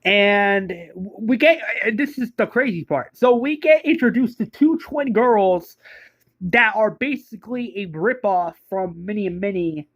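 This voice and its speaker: High-voiced, exasperated male reviewer. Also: lively intonation, unhurried, fairly bright tone, dry recording. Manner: exasperated, rambling with stammered restarts and swearing. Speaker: book reviewer. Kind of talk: casual spoken review.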